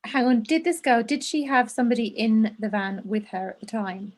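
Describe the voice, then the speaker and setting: High, exclaiming woman co-host. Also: moderate pace, crowd noise. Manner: reactive, exclaiming. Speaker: podcast co-host. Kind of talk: casual chat.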